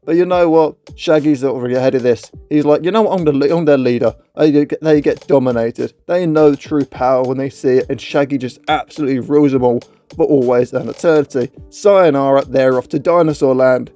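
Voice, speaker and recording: A man's voice: medium pitch, a little fast, dark tone, soft background music. A man narrating a comedic film recap in a crude, mocking, playful way.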